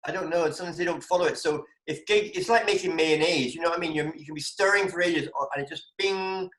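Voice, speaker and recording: Scottish comedian guest, animated storyteller, fairly high voice, roomy echo on a video call. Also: male voice, quick pace. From Scotland. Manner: animated, bursts into high exclamations. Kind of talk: casual video call chat.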